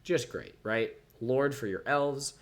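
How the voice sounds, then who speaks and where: Speaking slowly in a mid-range voice, a card game reviewer casually goes through a set, reading each card aloud and rating it out of ten. He sounds sleepy and yawns now and then.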